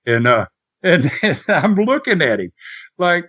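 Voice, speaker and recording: A man's voice: sits high, sing-song, unhurried, pushed and bright. An older man and podcast guest telling a rambling wrestling-days anecdote, chuckling and restarting as he goes. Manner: rambling storyteller who chuckles and restarts often. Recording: lo-fi podcast audio.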